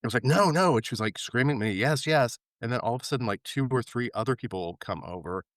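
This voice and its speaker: A man from New York tells a travel story in casual interview chat, with a low voice. He jumps up in pitch to act out the people he quotes. The recording is dry and close. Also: rapid-fire, dry recording. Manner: animated anecdote-telling, acting out quoted voices with big pitch jumps. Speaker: podcast guest.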